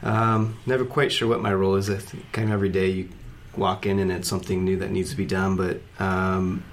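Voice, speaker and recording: A man's voice: low-pitched, flat delivery, a little fast, a little hiss or hum. A man co-hosting a podcast, talking casually and hesitantly, searching for words. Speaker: podcast co-host.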